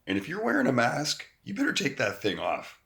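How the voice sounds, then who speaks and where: A man's voice: fairly high pitch, wildly swooping pitch, fairly quick, gravelly, sharp tone. A man, recording an angry, profane rant into his phone outdoors. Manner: angry, profane rant with mocking quoted voices. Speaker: vlogger. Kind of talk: ranting to camera.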